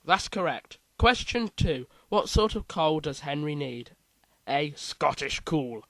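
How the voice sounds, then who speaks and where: A man's voice: a little high, expressive, measured pace, a bit bright, no room sound, low-quality recording. A man hosting a casual quiz, reading out multiple-choice options with playful asides. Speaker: quiz host.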